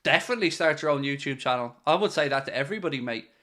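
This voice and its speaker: A man's voice: medium pitch, animated, racing, bright, forceful tone. An Irish man hosting a football fan channel, talking casually to camera in a playful, mock-serious, sarcastic way. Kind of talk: casual solo commentary to camera.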